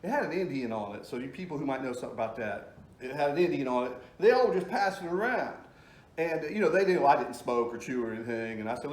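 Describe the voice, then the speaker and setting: A man's voice: medium pitch, animated, fast talker. A middle-aged man casually telling stories from his youth, rambling with lots of fillers. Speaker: storyteller host. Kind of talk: casual storytelling. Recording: echoey room.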